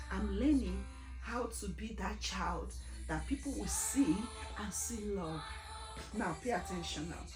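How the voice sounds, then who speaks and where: Earnest woman giving testimony. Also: mid-range voice. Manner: earnest, emphatic, with rhetorical questions. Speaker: gospel speaker. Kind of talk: personal testimony sermon. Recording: echoey room with faint music.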